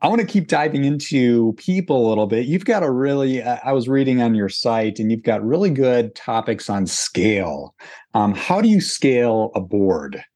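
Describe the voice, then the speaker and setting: Male host, mellow dark voice, short affirmations, casual questions. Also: medium pitch, lively intonation, moderate pace. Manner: brief affirming backchannels. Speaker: podcast host. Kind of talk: casual interview.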